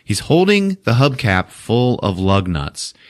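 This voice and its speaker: Slow, animated man recapping a film. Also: fairly low pitch. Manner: profane, animated storytelling. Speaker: podcast host. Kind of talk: comedic movie recap.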